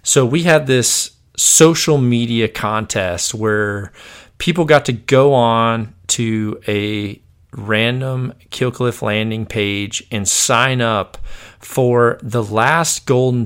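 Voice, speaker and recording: Man, podcast host, casual upbeat chat, smooth clear voice. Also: mid-range voice, fairly even intonation, takes it slowly, fairly bright tone. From born on an army base in the US. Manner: upbeat, laughs easily.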